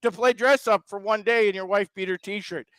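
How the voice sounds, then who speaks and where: Sports show regular: a man from the American South with a high voice, mocking and exasperated, in a dry close room. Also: moderate pace, fairly bright tone, clear, resonant tone, no echo, poor audio. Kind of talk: sarcastic sports talk rant.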